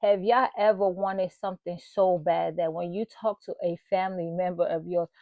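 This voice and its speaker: A woman's voice: lowish voice, steady tone, normal speed, dry recording, phone-quality sound. A woman hosting her own channel, sharing an emotional personal testimony and talking straight to her viewers. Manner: emotional, earnest, addresses viewers directly. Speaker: channel host.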